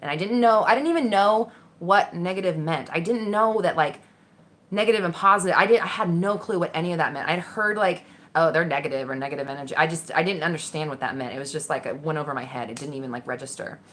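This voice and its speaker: Speaking fast in a lowish voice, a woman vlogger shares a personal story in a casual way. She's candid and animated, swears freely, and voices the thoughts in her head.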